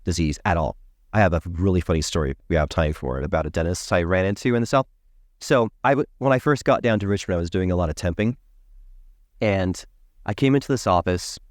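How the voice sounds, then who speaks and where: Man, low voice, dry sound, podcast guest, animated storyteller. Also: fairly quick, dry recording. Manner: emphatic, acts out the people in his stories. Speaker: dental hygienist guest.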